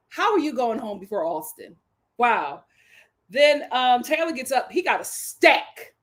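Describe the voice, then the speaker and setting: A woman with a bright, high voice recapping a dating show on a live stream. She is sassy and dramatic, leaning on slang. She calls out the contestants as if they could hear her. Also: sing-song, measured pace. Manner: speaks directly to the people she discusses. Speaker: reality TV review host.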